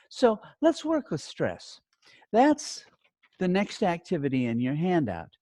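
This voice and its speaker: A middle-aged man teaching a class over a video call, giving clear, deliberate instructions and stressing key words. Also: high voice, wildly swooping pitch, dark tone, no room sound.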